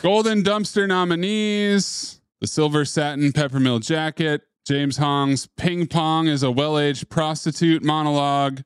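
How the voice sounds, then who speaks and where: Smooth-voiced man hosting a podcast. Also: fairly high pitch, steady tone, dry recording, studio quality. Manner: announces awards in a slow, showy way. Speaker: podcast co-host. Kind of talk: casual chat, reading award categories.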